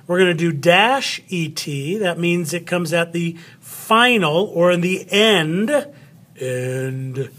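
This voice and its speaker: A man's voice: fairly high pitch, a bit bright. A man teaching children a spelling lesson, playful and patient, talking straight to them. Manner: playful, slow and patient, speaks to an unseen child.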